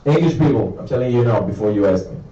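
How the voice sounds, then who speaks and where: A young man from Italy with an Italian accent doing a stand-up comedy set, acting out characters with big jumps in his voice. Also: fast talker. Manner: animated, acts out characters with big pitch jumps. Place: comedy club stage with audience. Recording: roomy, dull live club sound from a distance.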